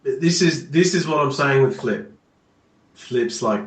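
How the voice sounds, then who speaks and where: A man's voice: mid-range voice, slow, fairly bright tone, a little hiss or hum. A man co-hosting a podcast, teasing and bantering in casual sports chat. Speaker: podcast co-host. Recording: roomy echo.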